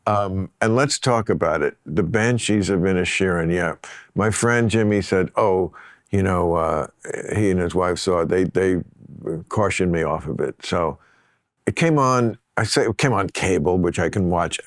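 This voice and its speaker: Man, middle-aged, host, animated casual storytelling, lowish pitch, dry studio sound. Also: moderate pace, no room sound. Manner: animated storytelling, laughs often. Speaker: podcast host. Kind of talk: casual chat.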